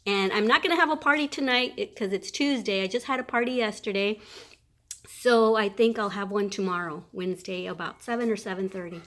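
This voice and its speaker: A woman in her fifties, a grandmother, vlogging at home and cooing at her grandchildren in excitable, sing-song baby talk. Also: mid-range voice, a little fast. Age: 50s. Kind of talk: casual home vlog, talking to grandchildren.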